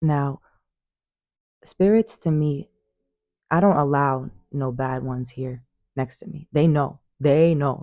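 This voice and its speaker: A woman talking casually to her viewers about spirits, animated and emphatic, repeating phrases and calling listeners "baby". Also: low voice, slow, long pauses, dry recording, muffled recording. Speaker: spiritual vlogger. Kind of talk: casual storytelling monologue. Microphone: phone.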